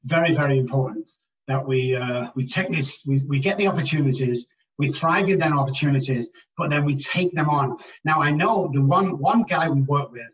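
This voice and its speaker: A man's voice: on the high side, moderate pace. English man, distant muffled recording. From England. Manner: animated storyteller who stresses key words. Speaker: guest, addiction recovery specialist. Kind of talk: storytelling interview answers. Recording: distant, muffled, roomy remote audio.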